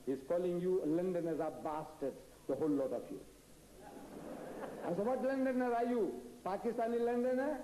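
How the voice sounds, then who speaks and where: An older man from India, raised in South Africa, delivers a combative, animated lecture full of rhetorical questions. His voice sits high yet sounds very dark and mellow. The sound rings with the long, echoey reverb of a large auditorium. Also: a little hiss or hum. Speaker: lecturer answering audience questions. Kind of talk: public lecture Q&A. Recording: echoey hall.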